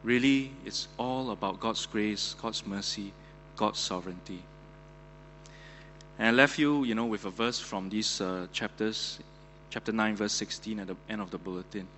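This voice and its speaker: A male pastor gives an earnest, chatty sermon full of fillers. His voice sits on the low side. It rings in a church hall over a faint hum. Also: normal speed, a bit bright. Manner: conversational, many fillers, earnest.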